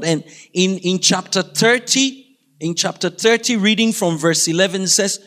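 A male preacher with a high voice delivers an animated sermon. He reads scripture slowly and forcefully, then urges his listeners to say the lines back to him. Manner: animated, calls for the congregation to repeat after him.

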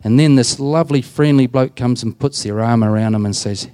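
A man's voice: medium pitch, a little fast, mellow, clean tone. A man with an Australian accent, a prison chaplain telling plain-spoken stories to a group and retelling conversations. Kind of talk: storytelling talk to a group.

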